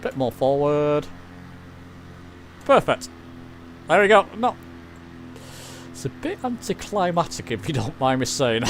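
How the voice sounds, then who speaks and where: A man with an English accent giving casual live commentary while flying a simulator, chatty and self-deprecating as he answers his chat. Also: on the high side. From England. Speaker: flight sim streamer.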